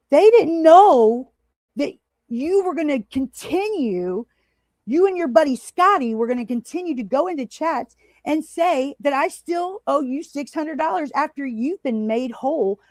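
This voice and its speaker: A woman's voice: sits high, a little mellow, no room sound. A woman hosting a livestream, angrily ranting at a critic with heavy swearing and greeting chatters now and then. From United States. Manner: angry, profane, confrontational, addresses viewers in chat. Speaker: livestream host. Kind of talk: heated livestream rant.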